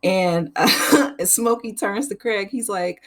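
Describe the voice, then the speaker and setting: A woman's voice: medium pitch, takes it slowly. A woman hosting her channel, chatting casually through a movie recap and laughing often. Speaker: channel host.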